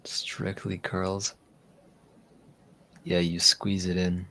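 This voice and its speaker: A man's voice: low voice, monotone, extremely slow, bright, forceful tone. A man hosting a casual livestream, chatting in a rambling way with easy laughs and repeated words. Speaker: livestream host. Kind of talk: casual chat.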